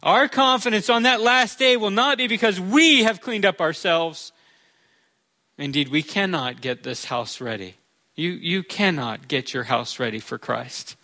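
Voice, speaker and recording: A man's voice: sits high, animated, measured pace, pushed and bright. A male pastor preaching a sermon in a conversational way, with touches of humor.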